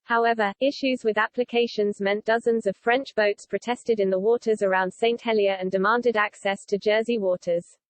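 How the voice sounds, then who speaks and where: Female news voice-over, steady read, mid pitch, dry booth sound. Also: moderate pace, few pauses, no echo. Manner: steady, even reading of a written article. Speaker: news narrator. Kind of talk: scripted news narration.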